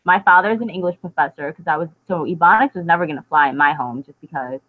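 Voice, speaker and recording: A woman's voice: low-pitched, fast talker. Young woman chatting over a tinny call. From United States. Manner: chatty, many "like" fillers. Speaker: book club host. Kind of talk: casual group video chat. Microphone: video call. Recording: tinny phone-like call audio.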